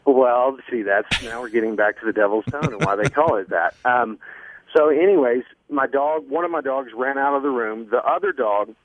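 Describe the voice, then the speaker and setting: A man guest earnestly telling a long personal story on a radio show, halting often with fillers. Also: medium pitch. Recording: dry phone line.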